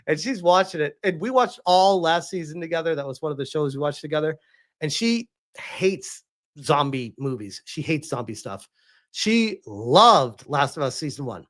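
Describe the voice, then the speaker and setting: A man giving a casual, animated vlog review, rambling and laughing often. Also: fairly high pitch, normal speed. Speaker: video reviewer.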